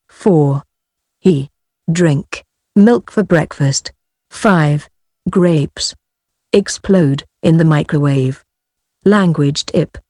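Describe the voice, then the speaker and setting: Woman reading a grammar workbook, very slow delivery, mellow tone, dry close sound. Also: sits low, no room sound. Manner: slow, careful, deliberate reading. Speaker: textbook reader.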